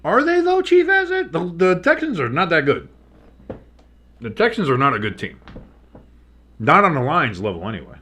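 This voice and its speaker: A man's voice: medium pitch, moderate pace, pauses often, husky. Guy streaming play by play, bouncy up-and-down voice, chatty, goes off on tangents. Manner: animated, rambling, joking asides. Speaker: sports streamer and play-by-play host. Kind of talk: live play-by-play with casual chat.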